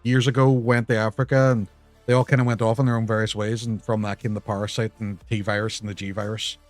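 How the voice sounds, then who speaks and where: A man's voice: fairly low pitch, level tone, fast, dry recording, faint music behind. A young man chatting casually on a co-op gaming stream, joking, swearing and telling rambling stories. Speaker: guest co-op player.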